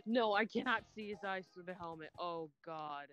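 A man's voice: high-pitched, normal speed, fairly bright tone, soft background music. A drowsy man chatting casually while playing a game with friends, laid-back and stammering a little. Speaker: gaming friend. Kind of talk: casual chat while gaming.

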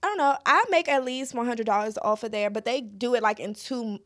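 A woman's voice: on the high side, fairly quick, a bit bright. A woman hosting a podcast, chatty and playful in casual slangy talk. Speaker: podcast host. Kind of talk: casual chat.

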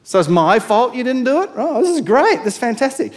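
A man's voice: very high voice, big pitch swings, brisk, voice pushed up. A man voicing an indignant male master who scolds his servant in a sarcastic, incredulous way.

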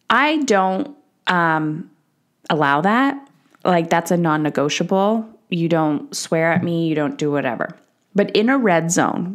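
A woman in her thirties hosting a solo podcast, talking candidly and casually swearing, acting out the voices she quotes. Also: medium pitch. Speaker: podcast host.

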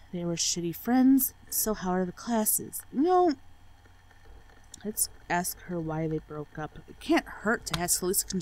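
A woman with a fairly low voice provides let's-play commentary over a low-quality recording. Sarcastic and swearing freely, she reads the on-screen chat out loud.

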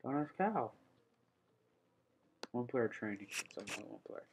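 Slow-talking young guy narrating games. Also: medium pitch, sing-song, background noise. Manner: frequent startled "oh" exclamations while playing; hums "da da da" while concentrating. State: slightly out of breath. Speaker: gaming channel host. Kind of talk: casual let's-play commentary.

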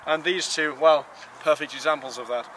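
A man with a fairly high voice gives a playful, emphatic car walkaround outdoors. Clear outdoor noise and street sounds run behind his camera-mic recording. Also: moderate pace. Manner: playful, emphatic, lively rises on praise. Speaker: car vlogger presenting cars. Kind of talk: casual enthusiastic car walkaround. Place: outdoors beside parked cars.

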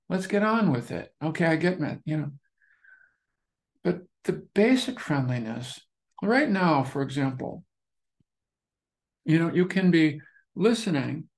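Man, meditation teacher, casual, repetitive, restarts often, gentle. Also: fairly high pitch, gravelly. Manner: relaxed, repetitive, searching phrasing with many restarts. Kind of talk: dharma talk.

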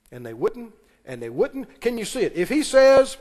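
A man preaching a sermon as pastor, retelling scripture with animated, dramatic delivery. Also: very high voice, fairly quick, big-room sound.

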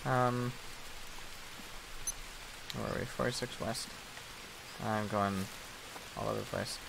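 This young man's voice is lowish, creaky, and steady in tone, and he speaks slowly over background noise. Hosting a gaming video, he plays a survival game with casual, self-deprecating chatter, jokingly apologizing to the animals he encounters.

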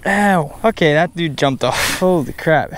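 A man casually talking through a fishing vlog outdoors at a pond, bursting into excited exclamations. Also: a little high, unhurried. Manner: excitable, bursts into loud exclamations over catches. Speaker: fishing vlogger.

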